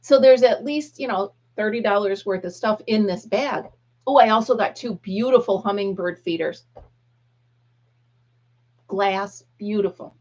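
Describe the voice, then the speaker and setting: A woman's voice: mid-range voice, a little slow, a little mellow, lo-fi sound. A middle-aged woman hosting a live stream, chatting casually and acting out what people said in her story. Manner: chatty storyteller, acts out quotes. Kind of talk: casual chat with viewers.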